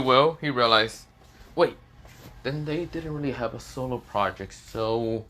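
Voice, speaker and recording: A man's voice: medium pitch, pushed and bright. A man narrating a fan story off the cuff, rambling with many fillers and restarts. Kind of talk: improvised casual story narration.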